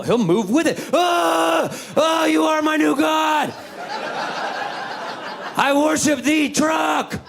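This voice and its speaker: A man in his thirties doing a stand-up comedy set on stage, his voice a touch high and swinging widely in pitch. He throws himself into loud, high-pitched voices for kids and teachers. A big crowd laughs throughout. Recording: live in a theater with crowd laughter.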